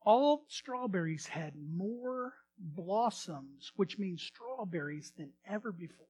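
A male pastor telling a story in a sermon, animated, swinging from loud bursts to hushed retelling. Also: high voice, takes it slowly, slight background noise.

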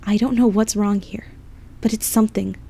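A woman's voice: mid-range voice, fairly even intonation, moderate pace, vocal fry, dark tone. A woman voicing a bewildered, pleading husband. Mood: subdued. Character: bewildered deluded husband, adult man, gentle.

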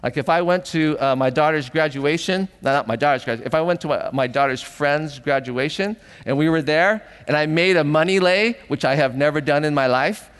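Middle-aged male pastor, lively animated sermon delivery, slightly high voice, long church-hall reverb. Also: brisk, few pauses, clear, resonant tone. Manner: animated storytelling, acting out voices with big pitch jumps.

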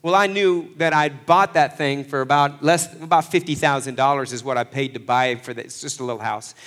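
A man preaching a sermon, swinging between loud, fervent passages and hushed asides, acting out the voices he quotes. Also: medium pitch, a little fast. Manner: acts out quoted voices with folksy phrasing. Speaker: pastor.

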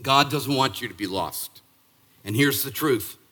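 A man in his sixties from Boston, preaching a sermon as pastor in an emphatic, punchy way that jumps up in pitch and volume. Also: unhurried, pushed and bright. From Boston, Massachusetts. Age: 60s. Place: church sanctuary.

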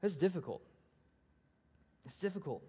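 A man's voice: high voice, normal speed, breathy edge. Preaching man in a reverberant hall. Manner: rhetorical questions, swelling then dropping to a hush; animated when acting out story voices. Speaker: pastor. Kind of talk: sermon. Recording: long reverb of a large hall.

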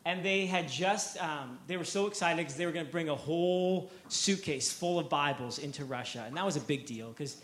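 A man's voice: a little high, normal speed, hardly any pauses, fairly bright tone, echoey room. A man preaching a sermon, telling a story with energy, repeating words and acting out the quotes.

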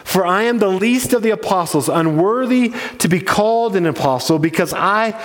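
Guy preaching in a church, kinda high voice, leans hard on the big points, lots of hall echo. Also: lively intonation. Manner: emphatic, slows down to stress key points. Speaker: pastor. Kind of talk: sermon.

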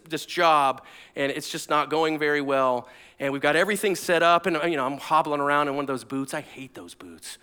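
A man, a pastor and former firefighter, preaching with personal stories in an energetic, conversational way that swings between loud bursts and hushed asides. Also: medium pitch, clean tone.

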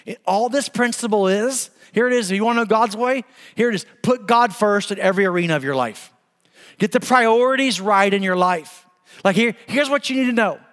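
Pastor guy in his 40s preaching, high voice, lively storytelling, big reverby hall. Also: a little fast. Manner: storytelling, emphatic, with laughs. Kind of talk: sermon.

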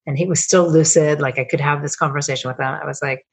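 A middle-aged woman, a coach and founder, telling personal stories as a podcast guest, emotional and swearing freely as she rambles with quick restarts. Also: low-pitched, fairly even intonation, husky. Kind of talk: candid storytelling interview.

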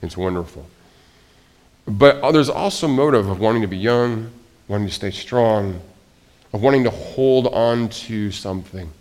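A middle-aged man preaching a sermon as pastor, swinging between quiet, almost whispered asides and loud, excited exclamations, often restarting his phrases. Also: on the low side, moderate pace.

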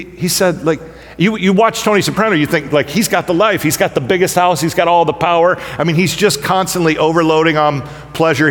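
Joking pastor in a reverberant hall. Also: male voice, a little high. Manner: conversational, joking, animated storytelling. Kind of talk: casual humorous sermon.

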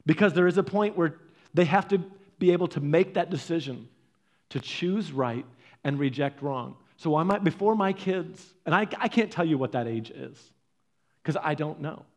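Animated high-voiced male preacher. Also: normal speed. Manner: conversational, repeats words, animated storytelling. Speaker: pastor. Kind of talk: preaching a sermon.

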